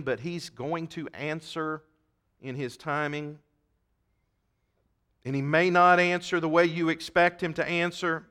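Preacher, man, bright and fairly high, shouts the scripture then drops low for asides. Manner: reads scripture aloud, swings from loud emphatic shouts to low asides. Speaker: pastor. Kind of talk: sermon.

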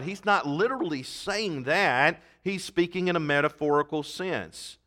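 A man's voice: fairly high pitch, a little fast, hardly any pauses, pushed and bright. A man preaching a sermon in church, emphatic, reading scripture aloud and playing with wordplay. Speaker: pastor.

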